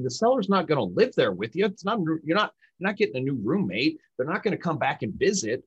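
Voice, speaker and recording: A man explaining communication techniques in an emphatic, animated coaching manner. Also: fairly high pitch, quick pace, husky, no echo, lo-fi sound. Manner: emphatic, animated, acts out example lines. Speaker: sales communication guest expert.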